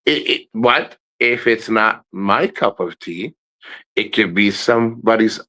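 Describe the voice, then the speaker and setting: Middle-aged guy rambling on his vlog, bright voice, swears a lot, keeps laughing. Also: on the low side, a little slow, low-quality recording. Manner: blunt, profane, laughs often. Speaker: travel vlogger. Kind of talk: casual rambling vlog talk.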